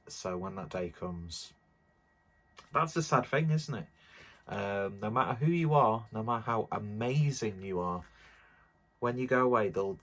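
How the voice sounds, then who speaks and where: Breathless, rambling man reviewing beer. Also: low-pitched. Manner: rambling, self-deprecating, many fillers. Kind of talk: casual beer review vlog.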